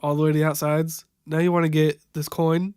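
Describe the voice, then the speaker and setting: A young man improvising a makeup tutorial voiceover, halting and stumbling over product names, wryly amused by what he sees. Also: a little high, level tone, a little mellow, smooth, no echo, studio quality. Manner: wry, amused at the footage. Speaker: voiceover narrator.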